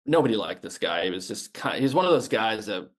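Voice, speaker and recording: Blunt, low-voiced man telling war stories. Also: very animated, quick pace. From United States. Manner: blunt, swears freely, frequent restarts. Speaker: podcast guest, former Navy sniper. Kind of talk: casual storytelling interview.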